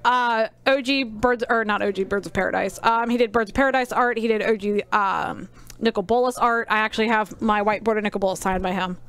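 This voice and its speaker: A woman's voice: mid-range voice, fairly even intonation, a little fast, fairly bright tone, clear, resonant tone. A woman commentating casually on a card game stream, chatty and rambling with frequent ums.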